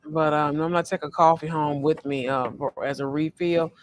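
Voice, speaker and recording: Male tarot reader, high voice, casual vlog, meandering delivery with many fillers and restarts. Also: steady tone, moderate pace, dry recording. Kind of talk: casual spiritual card reading vlog. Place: sitting in a fast-food restaurant.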